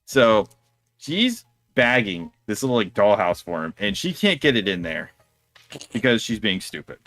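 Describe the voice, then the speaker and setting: A man's voice: lowish voice, big pitch swings, moderate pace, a bit bright. A man co-hosting a casual chat, telling a rambling story and laughing through it. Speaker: co-host of a discussion stream.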